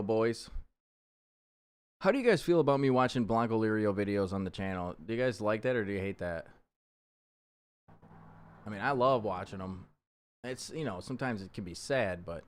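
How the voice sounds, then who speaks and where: A man's voice: lowish voice, no echo. A young man streaming in casual chat, laid-back, swearing a lot and laughing along.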